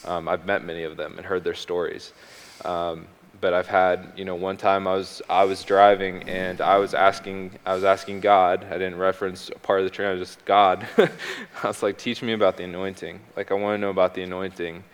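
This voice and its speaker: A guest speaker on a stage shares his personal faith testimony, hesitating often with ums and restarts. His voice sits low and smooth, with a flat, slightly fast delivery, and a long hall reverb trails the recording.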